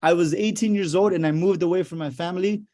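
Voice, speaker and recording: A young man from Houston speaks in a fairly high voice with a warm, mellow tone. He talks about his life as a lawyer in a casual, profane and emphatic way, driving each point home. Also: quick pace. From Houston, Texas. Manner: profane, emphatic, fired-up storytelling. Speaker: lawyer giving a motivational talk. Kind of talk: casual motivational talk.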